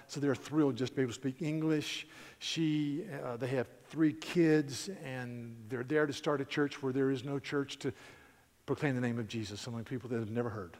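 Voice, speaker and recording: Male pastor, mid-range voice, chatty animated sermon delivery, reverberant church sound. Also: medium pitch. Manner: conversational, animated, frequent restarts. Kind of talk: sermon with storytelling. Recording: hall reverb.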